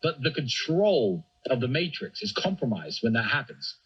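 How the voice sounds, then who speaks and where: A man talking as a guest on a podcast, telling his story in an emphatic, animated way. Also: mid-range voice, moderate pace, slightly rough, lo-fi sound. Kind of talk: casual chat.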